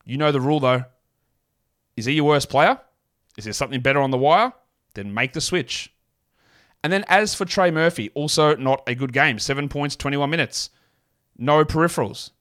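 A man's voice: fairly high pitch, moderate pace, pauses often, a bit bright. A man hosting a solo sports podcast, talking in a blunt, rambling, self-mocking way. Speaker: podcast host. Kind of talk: casual solo podcast talk.

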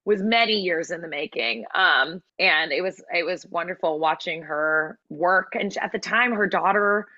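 A woman's voice: fairly low pitch, moderate pace, hardly any pauses, sharp tone, dry recording, dull audio. A woman, a musical theatre actress, chatting as a guest in an interview with lots of fillers and restarts. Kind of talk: casual interview chat.

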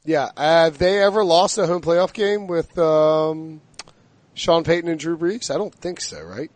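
A man's voice: fairly high pitch, unhurried, dry recording. Chatty man hosting sports talk. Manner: chatty, joking, lots of fillers. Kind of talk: casual sports debate.

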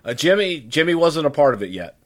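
A man's voice: fairly high pitch, sing-song, brisk. A middle-aged man on a podcast who recalls his career in a blunt, emphatic way and firmly denies claims made about him. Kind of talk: casual podcast conversation.

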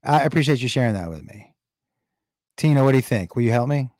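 A man's voice: mid-range voice, lively intonation, quick pace, a little mellow, no room sound. Man, host, casual livestream chat, coaxing, dry close sound. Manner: chatty, coaxing, calls out to viewers by name.

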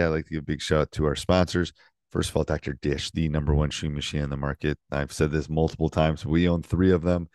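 A man's voice: a bass voice, a little mellow, no room sound, studio quality. A middle-aged man hosting a basketball coaching podcast, upbeat and chatty with lots of fillers. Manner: upbeat, rambling with fillers and laughs. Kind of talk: casual coaching chat.

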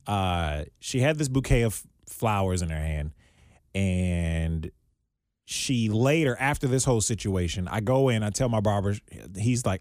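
A man's voice: lowish voice, lively intonation, unhurried, darkish tone, no room sound, clean studio sound. A man co-hosting a podcast, telling a story in casual chat and laughing often. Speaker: podcast co-host.

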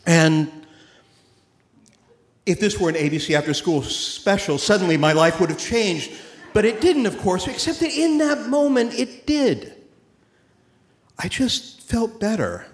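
A man telling a personal story on stage at a live event, animated and often laughing as he speaks. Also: high voice, unhurried, long pauses. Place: theater stage before an audience. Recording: roomy live hall with faint noise.

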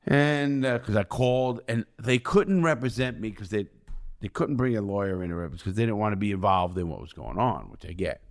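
Brisk and lively in intonation, this low-voiced American ex-convict spins casual prison yarns as an interview guest. He curses openly, doesn't mince words, and keeps circling back to restart his thoughts.

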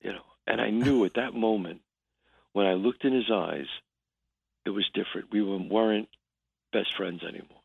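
A man with a gravelly voice, a guest actor telling a story in a halting way, full of restarts. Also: dry recording. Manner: halting, restarts often, acts out quotes in a low voice. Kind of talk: casual storytelling interview. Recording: tinny phone line.

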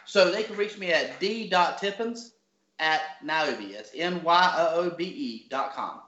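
A man's voice: fairly high pitch, animated, a little slow, pushed and bright. A man with a Georgia Southern accent, a guest speaking in a folksy, motivational way on a podcast interview. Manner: folksy, motivational, restarts sentences. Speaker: guest, app founder. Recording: echoey, dull lo-fi audio.

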